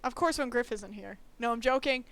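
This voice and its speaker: A woman's voice: on the high side, fairly quick, crowd noise. A woman streamer chatting casually and laughing a lot while she draws live. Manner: giggly, chatty, self-teasing.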